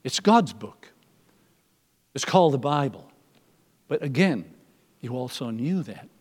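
A man preaching a sermon, moving from loud emphatic lines to soft, almost whispered ones. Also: medium pitch, animated, measured pace, long reverb tail.

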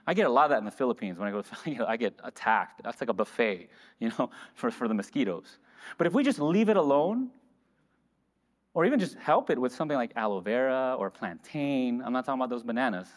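A man preaching a sermon in a church, asking the congregation questions and answering them himself. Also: sits high. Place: church hall. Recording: reverberant church hall.

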